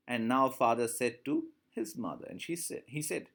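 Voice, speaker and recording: A man's voice: mid-range voice, normal speed, few pauses, fairly bright tone. A man teaching in Indian English, explaining a short story to students, repeating lines and asking questions. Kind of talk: classroom lesson explaining a story.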